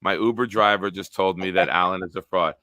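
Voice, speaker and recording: A man's voice: deep voice, steady tone, fairly quick, bright, forceful tone, no echo. A young man hosting a sports podcast live stream, casually joking and reading out viewer comments. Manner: jokey, reads out viewer comments.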